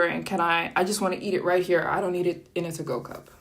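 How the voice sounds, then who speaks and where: Chatty woman live-streaming. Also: fast talker. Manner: animated, jumps up in pitch for sample phrases. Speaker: livestream host. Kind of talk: casual live stream chat.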